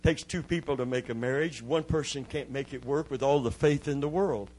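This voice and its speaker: A man's voice: mid-range voice, a little fast, a little mellow. A man preaching a church sermon, building to fervent cries of hallelujah. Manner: preaching with rising fervor, calling out hallelujahs. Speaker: pastor.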